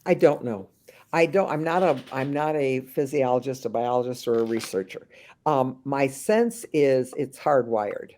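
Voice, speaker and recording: A woman working as a memory care consultant, answering interview questions with lively acted-out anecdotes and frequent restarts. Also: very deep voice, unhurried, a little hiss or hum. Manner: animated storyteller, slips into voices of the people she describes; frequent restarts and thinking aloud.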